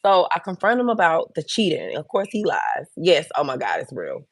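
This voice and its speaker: A woman's voice: low voice, huge pitch swings, moderate pace, breathy edge. A woman hosting a livestream, talking frankly and bluntly to her viewers as she gives advice and tells her own stories. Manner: frank, blunt, chatty, addresses viewers directly. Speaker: host. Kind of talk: candid livestream advice and storytelling.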